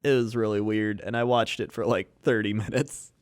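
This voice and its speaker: A man's voice: fairly low pitch, steady tone, normal speed, clear, resonant tone, dry recording, clean studio sound. A man co-hosting a podcast, telling stories loosely with many fillers. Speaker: podcast co-host. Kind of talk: casual chat.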